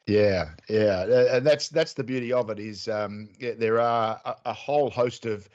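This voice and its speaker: A man's voice: on the low side, moderate pace, a little mellow. A man hosting a sports podcast, asking chatty, enthusiastic questions. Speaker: podcast host. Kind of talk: podcast interview. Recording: dull, muffled podcast audio.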